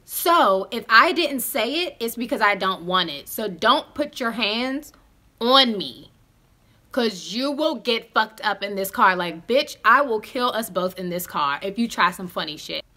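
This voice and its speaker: A young woman in her twenties telling a storytime straight to her viewers, animated and profane. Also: a little high, a little slow. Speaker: vlogger. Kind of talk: casual storytime.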